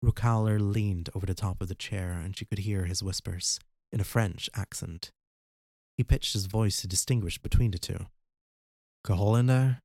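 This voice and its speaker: A man narrating a fan audiobook in a steady, even reading voice. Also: low-pitched, normal speed, dry recording. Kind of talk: scripted narration.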